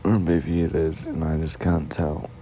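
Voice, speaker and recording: A young man in a whispered role-play as a tired, sweet boyfriend, yawning, giggling and talking slowly. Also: very deep voice, monotone, mellow, a little hiss or hum. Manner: sleepy, yawning, affectionate and giggly.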